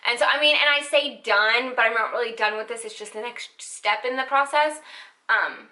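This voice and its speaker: A woman's voice: a little high, normal speed, sharp tone, low-quality recording. A young woman in a casual vlog chat, candid and chatty, full of "like" fillers. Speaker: vlogger.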